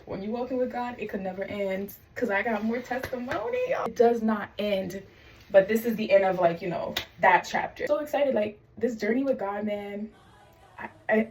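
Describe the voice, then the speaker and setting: A young woman telling her faith testimony in a casual vlog, animated and full of quoted voices. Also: mid-range voice, normal speed, recorded from a distance, a little hiss or hum, poor audio. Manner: animated storytelling, quoting God and others in lively voices. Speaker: vlogger sharing testimony.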